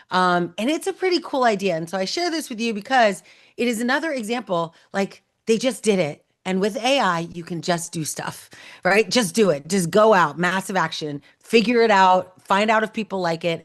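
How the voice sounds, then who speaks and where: A woman hosting a show, chatting casually and bubbling over as she unboxes gifts, full of quick asides. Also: medium pitch. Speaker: host.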